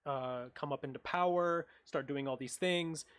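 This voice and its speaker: A man co-hosting a casual panel discussion, rambling and halting with lots of fillers. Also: a little high, a bit bright, smooth, dry recording. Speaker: podcast co-host.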